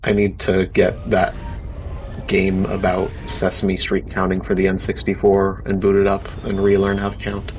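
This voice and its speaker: Joking low-voiced commentator on a dull mic. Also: male voice, monotone, moderate pace, a little mellow, soft background music. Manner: joking, explanatory. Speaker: speedrun commentator. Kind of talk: casual live commentary.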